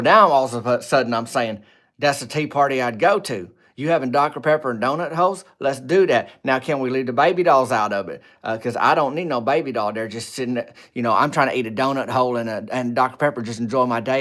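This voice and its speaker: A man hosting a casual livestream, rambling and joking with viewers, swinging between loud greetings and low asides. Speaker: livestream host. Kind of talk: casual live chat with viewers.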